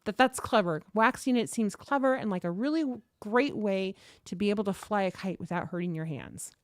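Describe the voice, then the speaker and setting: A woman's voice: medium pitch, a little fast, no room sound. Chatty woman livestream host in her thirties, dry close mic. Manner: chatty, animated, reads chat aloud. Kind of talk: casual livestream storytelling.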